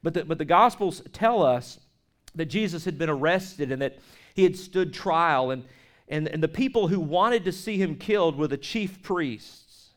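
A man with a slightly high voice preaching a sermon. He presses hard on key words, then drops to a hush, often restarting and repeating himself as he goes. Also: animated, normal speed. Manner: emphatic, swings between loud stress and hushed lines. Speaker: pastor. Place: church service with projected slides.

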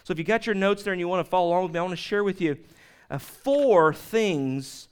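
A man preaching a sermon in a conversational, animated storytelling way, with asides to the congregation. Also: fairly high pitch, fairly quick, smooth. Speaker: pastor.

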